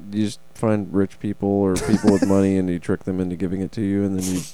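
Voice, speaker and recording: Dry, sardonic man, very low and gravelly. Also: monotone, fast talker. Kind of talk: casual chat.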